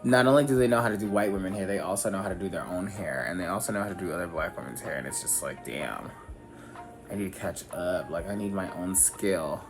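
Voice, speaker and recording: A man with a low voice talks fast during a makeup tutorial, chatting candidly, rambling and swearing freely. Music plays in the background.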